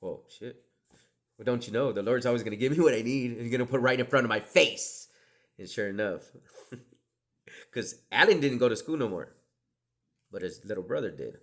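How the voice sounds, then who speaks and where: A man's voice: medium pitch, animated, moderate pace, long pauses, a bit bright. A middle-aged man hosting a podcast, telling rambling stories in a profane, digressive way, often dropping into whispered asides. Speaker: podcast host. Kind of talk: rambling storytelling monologue.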